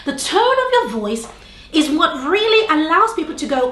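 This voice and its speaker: Animated high-voiced woman coaching on camera. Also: moderate pace, reverberant. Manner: animated, varies tone and pace on purpose, asks viewers questions. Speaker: video presentation coach. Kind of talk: on-camera teaching tips. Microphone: camera facing speaker.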